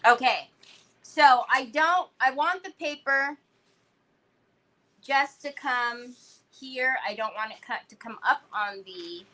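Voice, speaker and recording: A slow, high-pitched, sharp-toned woman's voice comes with a little hiss or hum in the recording. While crafting live, she reads the chat's comments aloud and banters casually, using playful baby talk.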